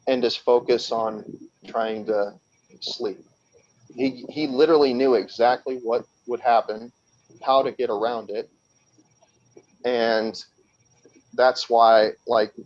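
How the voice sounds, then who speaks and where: A man in a relaxed podcast chat, spinning a long winding tale full of restarts and acted-out quotes. His voice sits at a middling pitch. The recording is slightly dull and lo-fi. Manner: rambling, with frequent restarts and laughs, acting out quoted voices. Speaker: podcast guest. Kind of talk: casual storytelling.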